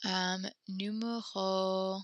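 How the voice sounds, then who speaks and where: A woman teaching a French class over a video call, patient and encouraging, reading sentences slowly and praising her students. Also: mid-range voice, flat delivery, dry recording.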